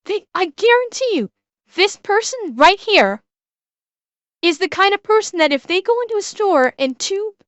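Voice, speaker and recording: A woman's voice: very high voice, big pitch swings, moderate pace, dry recording, dull audio. A woman streamer reacting to a video, ranting bluntly with heavy swearing.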